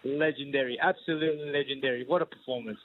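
A man's voice: medium pitch, steady tone, quick pace, slight background noise. An Australian man calling in to a radio show, elated and repeating himself. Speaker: radio caller, boxing pundit. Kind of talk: phone-in chat. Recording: tinny phone line.

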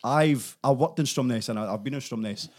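A man's voice: medium pitch, fairly quick. A Scottish man, a podcast guest, telling amused stories in casual chat. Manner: animated, amused storyteller.

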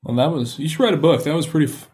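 A man's voice: fairly high pitch, rapid-fire, darkish tone. A man hosting a casual podcast, teasing his co-hosts in a laid-back way. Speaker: podcast host.

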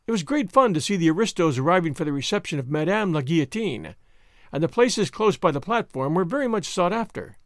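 A man's voice: fairly high pitch, lively intonation, fairly quick, no echo, studio quality. A man narrating a classic novel aloud as a podcast host, reading expressively and dramatically. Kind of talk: scripted narration.

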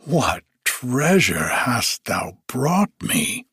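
A man voicing an eager, grand old-fashioned king in a fairy tale, speaking in a slow, stately archaic manner with a lowered voice. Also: wildly swooping pitch, fairly bright tone, breathy edge, no room sound, studio quality, heavily acted. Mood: joyful. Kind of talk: storybook reading.

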